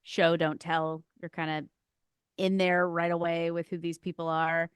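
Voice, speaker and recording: A woman co-hosting a podcast, giving relaxed, thoughtful opinions in casual chat. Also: on the low side, measured pace, smooth, no echo. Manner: relaxed, thoughtful film critique. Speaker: podcast co-host.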